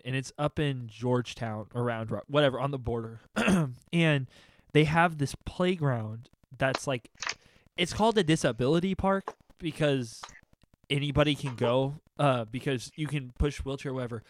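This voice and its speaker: A man's voice: medium pitch, a little slow, dry recording. A young man telling a funny story in casual chat, acting out his friends' voices and laughing often.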